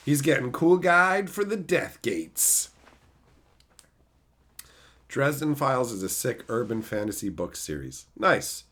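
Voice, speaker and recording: A man's voice: mid-range voice, very animated, slow, long pauses, pushed and bright. A man streaming casually, reading chat aloud and ranting with a lot of profanity.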